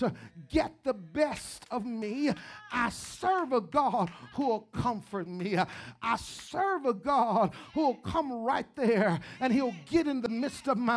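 Slow, fervent preaching man. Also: very high-pitched. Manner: fervent call-and-response preaching, many "uh" and "come on now"; builds from quiet to shouting. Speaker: pastor. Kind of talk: sermon.

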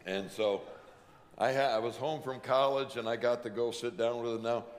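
A male pastor giving a sermon, emphatic, slowing down to drive home each point. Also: mid-range voice, fairly even intonation, long reverb tail. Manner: emphatic preaching, slows down to stress points.

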